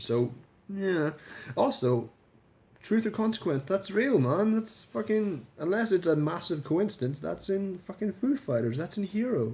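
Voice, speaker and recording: A man's voice: high voice, lively intonation, measured pace, darkish tone. A man casually reviewing a TV episode in a rambling vlog, swearing freely and restarting his sentences. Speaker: video reviewer.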